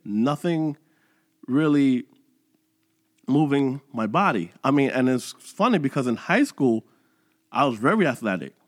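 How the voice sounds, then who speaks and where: A man's voice: medium pitch, measured pace, long pauses, no echo, studio quality. A man in his thirties hosting a motivational podcast, talking casually and acting out his own inner voice. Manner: animated, conversational, dramatizes his inner voice. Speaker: podcast host. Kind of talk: motivational monologue.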